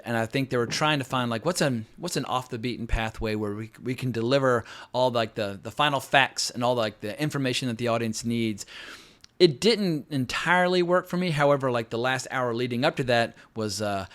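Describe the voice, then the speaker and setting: A man's voice: mid-range voice, fairly bright tone. A man giving a casual spoken film review, candid and chatty, with frequent fillers and restarts.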